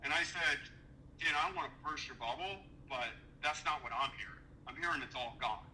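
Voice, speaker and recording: Man, indignant storyteller, profane, slightly high pitch, piercing bright tone. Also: a little fast, slight background noise, low-quality recording. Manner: profane, indignant, acts out quoted dialogue. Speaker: podcast guest recounting a business dispute. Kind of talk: heated storytelling in an interview.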